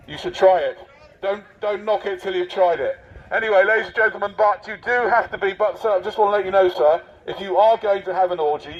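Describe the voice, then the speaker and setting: A man posing as a covid marshal on a city street, teasing passers-by in a mock-officious way. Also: high-pitched. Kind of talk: satirical street performance. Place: busy city street outdoors. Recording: dull lo-fi street recording.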